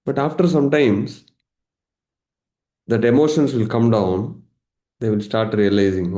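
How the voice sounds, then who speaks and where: A man teaching a live online session as a meditation coach, lively, acting out everyday examples and laughing. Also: medium pitch, measured pace, long pauses, reverberant. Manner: animated, acts out examples, laughs often.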